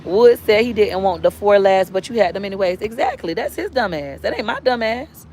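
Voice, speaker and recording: Woman, mother, mid pitch, blunt, profane, emphatic, near-shouting, in a car, faint vehicle hum. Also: very animated, fairly quick. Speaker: mother and online seller. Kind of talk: unfiltered parenting rant to followers. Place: inside a car.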